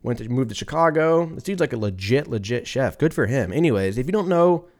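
This man in his thirties chats solo on his own podcast, wandering from topic to topic, swearing offhandedly and laughing at his jokes. His medium-pitched voice is animated and brisk with a darkish tone.

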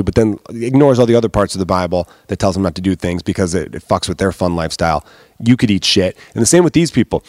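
A comedian hosting his solo podcast, talking fast in a loose, heated rant full of swearing. His voice sits fairly low. The sound is close and dry, with no room around it. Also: darkish tone, dry recording. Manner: profane, heated ranting.

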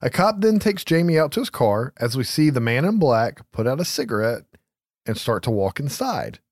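A man's voice: medium pitch, moderate pace, no echo, studio quality. A man casually recapping a film plot, swearing freely and laughing as he tells it. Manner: profane, animated storytelling with laughs. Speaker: podcast host recapping a film. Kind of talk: casual chat.

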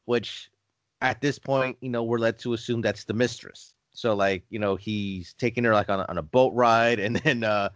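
A man's voice: mid-range voice, steady tone, moderate pace, fairly bright tone, no room sound. A man co-hosting a podcast in casual film discussion, hesitant and full of fillers as he recalls the plot. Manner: hesitant, lots of fillers like "like" and "you know". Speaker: podcast co-host.

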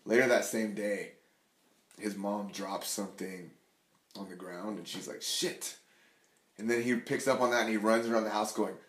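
Deep-voiced man, rambling and profane. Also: steady tone, moderate pace, a bit bright. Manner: rambling, profane, says "like" a lot. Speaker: returning podcast guest. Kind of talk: casual chat. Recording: echoey room.

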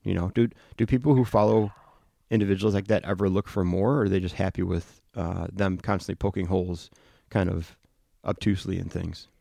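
A man hosts a casual podcast chat, rambling through a story with fillers and restarts. His voice is low and gravelly, picked up dry and close with no room sound. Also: steady tone, brisk, warm tone, no echo. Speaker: podcast host, firefighter and lieutenant.

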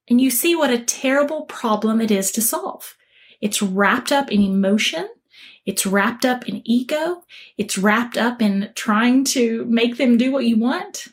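A woman's voice: on the high side, measured pace. A woman coaching listeners in an earnest, emphatic talk, acting out the quoted voices of others. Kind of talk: motivational talk to camera.

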